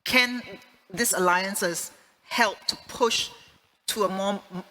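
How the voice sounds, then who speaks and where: Female interviewer, bright mid-pitched voice, chatty and meandering conference questions. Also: takes it slowly, low-quality recording. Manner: conversational, rambling questions.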